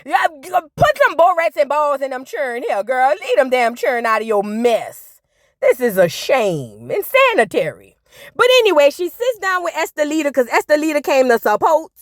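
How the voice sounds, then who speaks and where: Sassy high-voiced woman gossiping. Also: very animated, moderate pace, no room sound, clean studio sound. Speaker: reality TV recap host. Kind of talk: casual reaction vlog.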